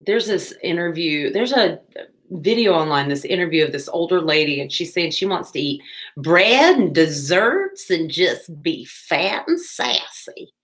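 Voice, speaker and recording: Woman, low voice, chatty livestream host, playful. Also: lively intonation, measured pace, fairly bright tone. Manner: chatty, drawls "y'all", playful asides.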